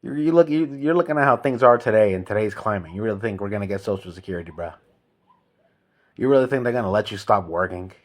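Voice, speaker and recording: Low-voiced man ranting. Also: animated, quick pace. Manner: ranting, emphatic, repetitive, slangy. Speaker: vlogger. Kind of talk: comic rant monologue.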